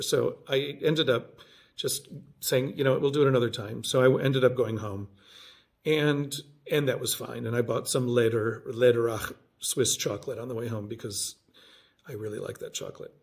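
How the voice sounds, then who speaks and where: A man in his fifties telling a rambling personal story in a casual vlog, often correcting himself and getting animated when he quotes himself. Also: medium pitch, normal speed. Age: 50s. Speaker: vlogger.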